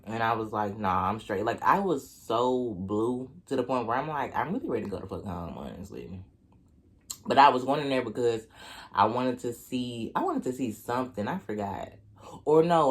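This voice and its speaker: A young man from Oklahoma with a local accent, telling a profane, animated dating story while eating on camera. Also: medium pitch. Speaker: vlogger. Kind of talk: storytime mukbang.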